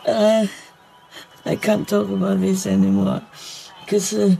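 Woman teacher, slow and halting delivery, gravelly fry in the voice, emotional spiritual address. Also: medium pitch, flat delivery, warm tone, slight background noise, poor audio. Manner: halting, with many pauses and fillers.

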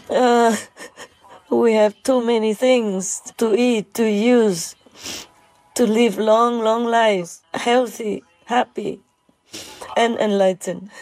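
A woman giving a heartfelt spiritual talk, emotional and halting, choked up, with tearful laughs between words. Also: mid-range voice, gravelly, darkish tone, dry recording, low-quality recording.

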